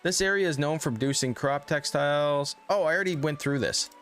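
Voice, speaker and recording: A male game streamer reads the on-screen text aloud and tosses in casual, joking asides. His voice sits a little higher than most men's. Soft game music plays behind him. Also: brisk. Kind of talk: casual let's-play commentary.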